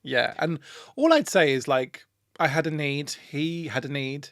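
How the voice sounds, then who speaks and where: A man's voice: fairly high pitch, background noise. A man co-hosting a podcast in casual comedic chat, with a camp, teasing manner. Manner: camp, teasing, quick with jokes. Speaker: podcast co-host.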